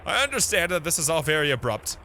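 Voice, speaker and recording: A man's voice: fairly high pitch, sing-song, fast talker, bright, forceful tone, a little hiss or hum, voice pushed up, exaggerated voice. A man reading out a letter as an eager male professor in a video game, in a grand, theatrical way.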